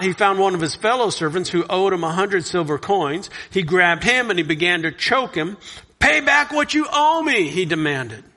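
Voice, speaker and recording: A man preaching a sermon, earnest, reading scripture loudly and dropping soft to reflect. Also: high-pitched. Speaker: pastor.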